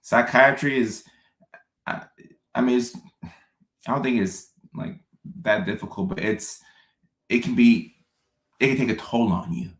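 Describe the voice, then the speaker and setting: A man's voice: mid-range voice, measured pace, long pauses, reverberant. A man, a psychiatrist hosting a live stream, casually answering chat comments and often repeating his phrases for emphasis.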